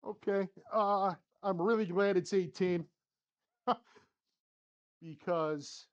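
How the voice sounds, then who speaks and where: A sim golf channel host records casual play-by-play of his own round in his home simulator studio, muttering to himself and moving between flustered and upbeat. His voice sits high with a clean tone, he talks very slowly, and the audio is dull.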